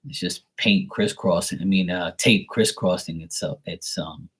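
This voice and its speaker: A man in his forties with a low, husky voice, chatting loosely to camera. He wanders through a family story, full of filler words and restarts. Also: steady tone, moderate pace, a bit bright. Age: 40s. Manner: rambling, heavy use of filler words. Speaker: tarot reader and channel host. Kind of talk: casual rambling storytelling.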